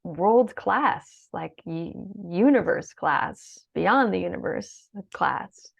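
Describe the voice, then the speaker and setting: A woman's voice: fairly low pitch, expressive, slow, creaky, few pauses. A middle-aged woman speaking as a guest in an interview, heartfelt and sometimes tearful, with many fillers. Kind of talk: emotional interview conversation. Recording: dull lo-fi sound.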